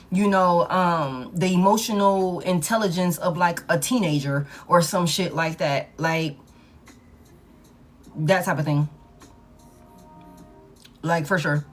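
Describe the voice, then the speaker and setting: A woman giving a collective love tarot reading in a blunt, profane, emphatic way, talking to the cards and repeating her points. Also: fairly low pitch. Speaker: tarot reader.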